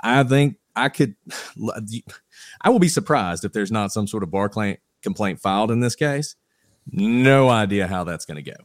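A man talks through legal questions in a measured, careful way, hedging and restarting as he thinks. His voice sits low. The sound is close and dry. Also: lively intonation, no room sound. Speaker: attorney guest. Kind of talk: legal analysis on a podcast panel.

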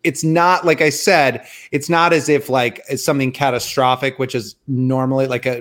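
A man in his thirties co-hosting a podcast, telling a story in rambling, excitable casual chat full of fillers. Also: medium pitch, normal speed. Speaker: podcast co-host.

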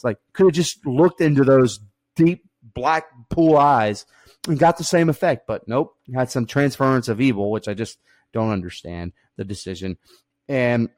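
A man's voice: mid-range voice, a little mellow, no echo. Blunt, profane man reviewing a movie. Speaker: podcast co-host. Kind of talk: casual movie review chat.

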